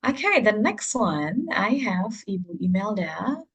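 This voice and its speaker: A woman's voice: mid-range voice, unhurried, husky, poor audio. A woman trainer running an online workshop for English teachers, giving instructions in an encouraging way with frequent fillers. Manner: animated, encouraging, many fillers.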